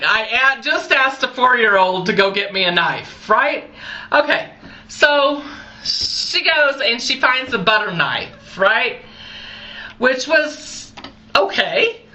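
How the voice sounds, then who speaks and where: A woman in her forties telling a personal story to the camera in a chatty, animated way, talking straight to her viewers. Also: a little high, low-quality recording. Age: 40s. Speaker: vlogger.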